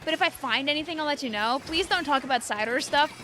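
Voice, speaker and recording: A young woman streaming a game, chatting excitably with lots of fillers and quick reactions. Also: high voice, slight background noise. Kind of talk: live gameplay commentary.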